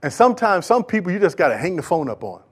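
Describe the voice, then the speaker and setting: High-voiced preacher man building to shouts. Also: very animated, quick pace, husky. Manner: swings from quiet talk to loud shouting preaching; casual folksy asides. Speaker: pastor. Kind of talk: sermon.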